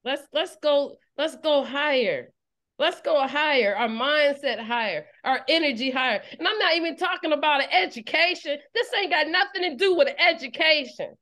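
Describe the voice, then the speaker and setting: Leading an online service, a woman preacher delivers a fiery sermon, repeating phrases for emphasis as the call-and-response intensity rises. Her voice is high-pitched, animated and sharp, at a moderate pace.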